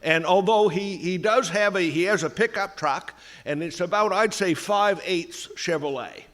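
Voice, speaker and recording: A man with a Maine accent spins a comic yarn in a slow, dry drawl. His voice sits a little high for a man. He delivers the punchlines deadpan. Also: a little hiss or hum. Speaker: humorist storyteller. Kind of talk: comic folk storytelling.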